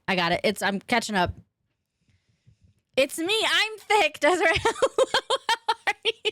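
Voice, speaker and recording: Her mid-range voice is a bit bright, recorded dry at studio quality. The woman is livestreaming a game from her own room, chatting easily with viewers, greeting them by name, laughing often and swearing casually.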